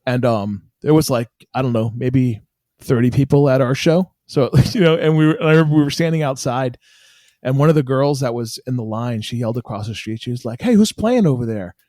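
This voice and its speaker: Man, guest band member, chatty storyteller who laughs a lot, mid pitch, dry mic. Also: fairly even intonation, a little fast, a little mellow, no echo. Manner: laughs often while telling stories. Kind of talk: casual storytelling.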